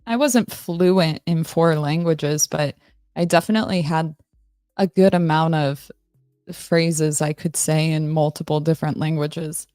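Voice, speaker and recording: A woman's voice: low-pitched, steady tone, measured pace, darkish tone, no room sound, clean studio sound, faint music behind. A woman hosting a live stream in a casual, rambling, self-mocking chat, answering her viewers.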